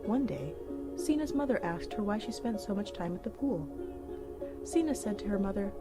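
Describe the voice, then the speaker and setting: A woman narrates a folk tale in a gentle, clear storybook manner. Her voice sits at an ordinary middle pitch, with music playing steadily behind her. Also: animated, normal speed. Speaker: narrator and cooking host.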